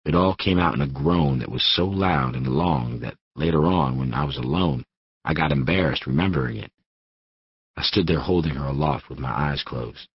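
A man reading an audiobook in steady first-person narration on a studio microphone. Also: extremely low pitch, moderate pace, gravelly, breathy edge, no echo, dull audio. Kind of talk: scripted narration.

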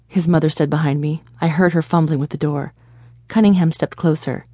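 A woman reading a first-person audiobook in a steady, measured storytelling manner. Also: low-pitched, no echo. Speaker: audiobook narrator.

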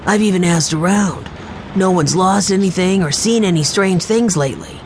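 A woman narrator voicing a steady, low-key teenage older brother in a children's audiobook. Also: normal speed, a little hiss or hum, lightly acted. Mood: glum.

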